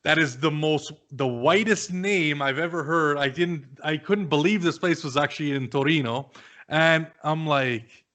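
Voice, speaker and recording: A man's voice: a little high, a little slow, pushed and bright. Male podcast host, casual and chatty, swears easily, laughs mid-story. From Canada.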